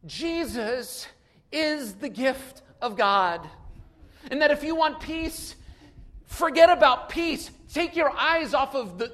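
A man preaching a sermon without notes, moving between quiet asides and loud emphatic calls. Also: very high-pitched. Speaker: pastor.

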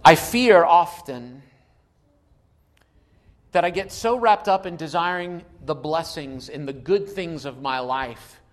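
A man preaching a sermon without notes, moving between quiet asides and loud emphatic calls. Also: fairly high pitch, takes it slowly. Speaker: pastor.

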